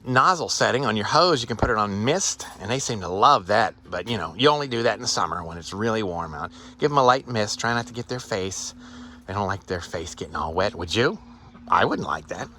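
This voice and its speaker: A man's voice: mid-range voice, pushed and bright. A man giving a rambling, folksy walk-through of his backyard rabbit cages, thinking aloud as he goes. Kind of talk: casual walk-through vlog. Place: outdoor tent beside rabbit cages.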